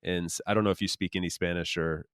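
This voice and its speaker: A man hosting a podcast interview, talking in a relaxed way with plenty of "like" and "um". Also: low-pitched, fast, clean tone, no echo. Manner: relaxed, many fillers. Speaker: podcast host. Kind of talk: casual interview chat.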